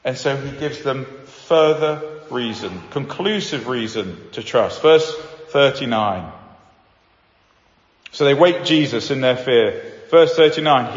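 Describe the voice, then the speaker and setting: A man preaching a sermon, animated and acting out the voices of the people he quotes. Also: mid-range voice, slow pace. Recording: echoey hall, dull sound.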